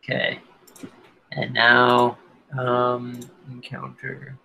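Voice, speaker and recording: A man narrating as dungeon master, talking slowly with many fillers. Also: mid-range voice, monotone, creaky, sharp tone, poor audio. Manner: slow, halting narration with fillers. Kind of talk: narrating a tabletop game. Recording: faint background noise.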